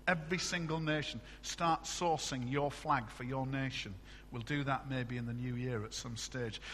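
A middle-aged man from England preaching a sermon in a church, animated and conversational, often asking the congregation questions. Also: on the high side, breathy edge, long reverb tail. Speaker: pastor.

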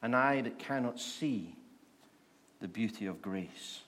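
Man preaching in slow rhetorical questions. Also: fairly low pitch, lively intonation, a bit bright. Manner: repeats rhetorical questions, slowing for emphasis. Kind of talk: sermon.

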